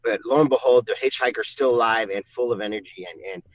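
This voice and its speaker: A man being interviewed, talking casually in halting, stammering sentences with swearing, heard over a dull remote line. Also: mid-range voice, dry recording. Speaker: interview guest, animator.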